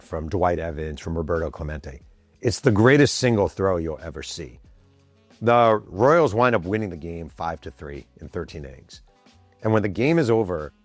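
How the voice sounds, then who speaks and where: A man in his fifties, a podcast host telling a sports story from his office with animated energy, acting out the quotes and swearing casually. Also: sits low, no echo. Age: 50s. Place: home office.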